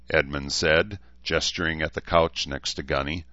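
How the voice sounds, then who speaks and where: Low-voiced guy reading an audiobook, steady, dry and a bit dull-sounding. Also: moderate pace, few pauses, no room sound. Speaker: audiobook narrator. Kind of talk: scripted narration. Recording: slightly dull lo-fi recording.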